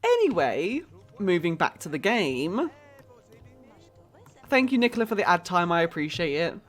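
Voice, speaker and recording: A woman, chatting excitably to her viewers while she plays a game on a live stream. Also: fairly low pitch, soft background music. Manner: chatty and excitable, quick exclamations. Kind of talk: casual live-stream chat while playing.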